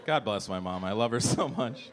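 Animated man doing stand-up. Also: fairly low pitch, moderate pace, a faint crowd. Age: 30s. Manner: animated, jumping into shouted voices for jokes. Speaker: stand-up comedian. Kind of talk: stand-up comedy set. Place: comedy club stage.

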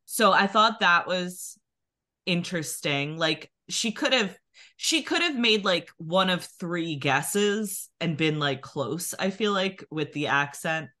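A woman with a Philadelphia accent tells a long personal story on a podcast, dropping "like" into almost every phrase. Her voice sits low yet sounds crisp and bright. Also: lively intonation, takes it slowly. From New Jersey near Philadelphia. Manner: chatty storytelling, many "like" fillers. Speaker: podcast co-host. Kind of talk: casual chat.

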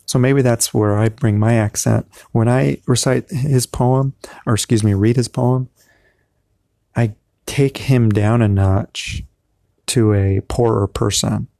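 A man hosting a show, chatting in rambling, self-correcting asides and reading poems aloud slowly, building to loud cries. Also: mid-range voice, steady tone, vocal fry, dry recording, studio quality. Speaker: podcast host reciting poetry. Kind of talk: casual chat and dramatic poetry reading.

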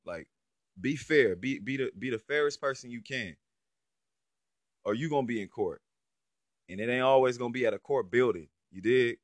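A man's voice: mid-range voice, normal speed, long pauses, no echo. A man giving casual, profane reaction commentary on a clip, incredulous and heavy on slang. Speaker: online commentator.

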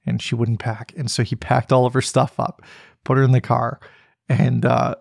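A man's voice: mid-range voice, flat delivery, moderate pace, creaky, a little mellow, no echo, studio quality. Candid man telling a story. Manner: candid, reflective. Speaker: podcast host. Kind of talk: personal storytelling.

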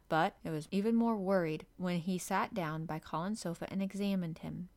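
Woman reading a classic storybook. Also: lowish voice. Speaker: audiobook narrator. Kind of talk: storybook narration.

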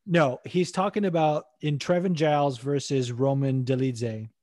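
A man's voice: mid-range voice, fairly even intonation, normal speed, a little mellow, dry recording, clean studio sound. A man co-hosting a casual podcast, rambling about fights with frequent swearing and laughter. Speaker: podcast co-host. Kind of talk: casual MMA podcast chat.

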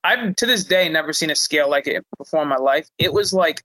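A young man telling a long story as a guest in casual chat, animated, full of "like" fillers and swearing. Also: a little high, brisk, no room sound, poor audio. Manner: animated, frequent "like" fillers, profane. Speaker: guest, fighter.

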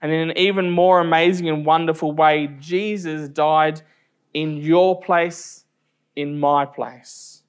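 A man preaching a sermon, telling stories earnestly with slow, emphatic phrasing. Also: on the high side, steady tone, clean tone.

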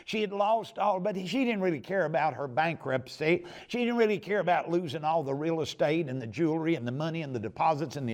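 A high-pitched man delivers a sermon. His preaching is folksy and emphatic, and he sinks to a low hush at the key moments.

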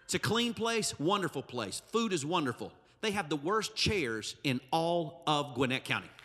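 A man's voice: on the high side, big pitch swings, moderate pace, a bit bright, big-room sound. A male pastor, preaching a humorous, emphatic sermon with asides to the congregation. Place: church sanctuary.

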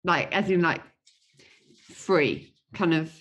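A woman from Britain co-hosting a relaxed podcast and reading listener letters aloud. Her voice is husky and sits a little low, and she hesitates and fills gaps as she talks. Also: slow. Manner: chatty, hesitant with fillers. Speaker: podcast co-host. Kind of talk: casual chat, reading listener mail.

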